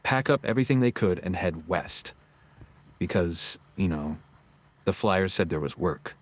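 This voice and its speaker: Deep-voiced man telling history wryly. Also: lively intonation, measured pace. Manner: joking, wry storytelling. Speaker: co-host. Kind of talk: scripted podcast narration.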